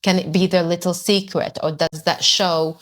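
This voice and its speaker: A woman's voice: fairly low pitch, fairly even intonation, moderate pace, fairly bright tone. A woman hosting a conversation podcast, asking direct, probing questions of her guest. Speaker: podcast host.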